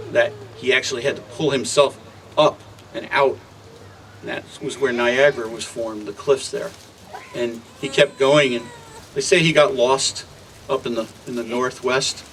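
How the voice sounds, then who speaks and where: A man telling a traditional creation story at an unhurried, conversational pace, with occasional filler words, outdoors. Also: medium pitch. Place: outdoors near traffic. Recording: distant mic with loud traffic noise.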